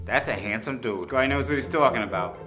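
A man with a Boston accent giving a brash, crude comedy sales pitch to investors. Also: quick pace. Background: music.

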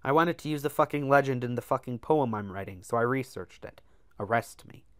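A man reading aloud and voicing an irritable, defensive male poet who snaps and swears in loud bursts. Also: medium pitch, a little fast, smooth, no echo, clean studio sound, lightly acted. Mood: angry. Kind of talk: dramatic reading of a novel.

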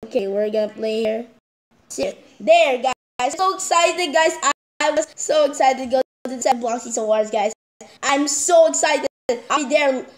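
A woman giving excitable, chatty commentary while playing a game, often calling out to "guys". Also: sits high, a little hiss or hum. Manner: excitable, keeps repeating "guys". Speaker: gaming vlogger.

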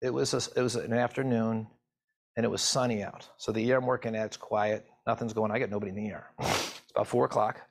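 Husky middle-aged man telling a story. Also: fairly low pitch, fairly even intonation. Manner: emotional, halting storytelling. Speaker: physician assistant and medical educator. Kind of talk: personal story told to camera.

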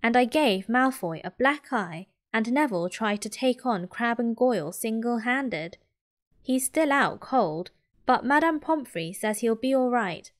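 A man's voice: very high-pitched, lively intonation, measured pace. A woman doing an eager boisterous schoolboy. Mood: excited. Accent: British English. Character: excitable schoolboy, boastful and loud.

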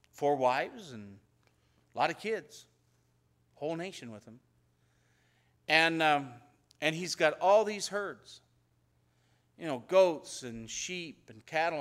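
Man, pastor, conversational sermon, acts out Bible dialogue, slightly high voice. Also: fairly bright tone. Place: church.

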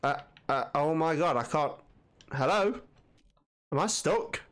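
A man with commenting on a video game he is playing, excitable, jumpy and swearing often. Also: fairly high pitch, measured pace, clear, resonant tone. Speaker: gaming channel host. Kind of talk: let's-play commentary.

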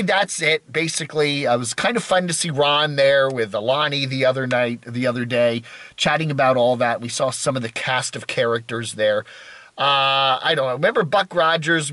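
A man's voice: medium pitch, moderate pace, a bit bright, no echo. A middle-aged man from the United States talking at length on his own channel, rambling and self-deprecating, often restarting his sentences. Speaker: YouTuber. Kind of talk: rambling solo talk.

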